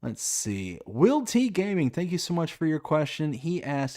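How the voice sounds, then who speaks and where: A man's voice: on the high side, big pitch swings, a little slow, few pauses, dark tone. A man hosting a livestream interview, reading viewer questions and asking long, wordy questions with enthusiasm.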